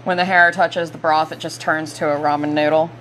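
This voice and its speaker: A woman co-hosting a casual podcast chat about a movie, joking and acting out characters in deeper voices. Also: little pitch movement, brisk, fairly bright tone, slight background noise, low-quality recording. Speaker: podcast co-host.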